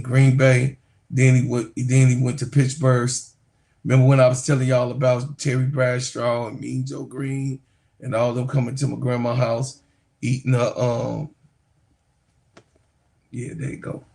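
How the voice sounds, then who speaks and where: Male streamer, unhurried chatty storyteller, gravelly fry, laughs through his anecdotes. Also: mid-range voice, little pitch movement, warm tone. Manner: rambling, laughs often, addresses viewers as y'all. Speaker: sports YouTuber talking to viewers. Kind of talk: casual livestream storytelling.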